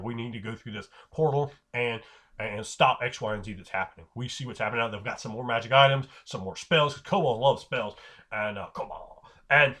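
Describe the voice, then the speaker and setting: A man's voice: lowish voice, sharp tone. Rambling man giving game master tips. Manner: rambling, restarting, acting out quick character quotes. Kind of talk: casual spoken tips on running tabletop games.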